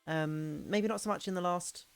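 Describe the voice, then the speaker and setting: A woman streamer in a casual hangout chat, talking fast and loose with frequent laughs and restarts. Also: on the low side, gravelly, smooth, faint music behind. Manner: chatty, laughing, restarts sentences.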